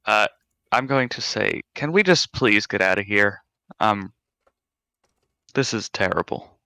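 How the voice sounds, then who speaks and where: A man's voice: fairly low pitch, animated, unhurried, sharp tone, smooth, no echo. A man playing in a tabletop game, wary and reluctant about the plan. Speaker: player.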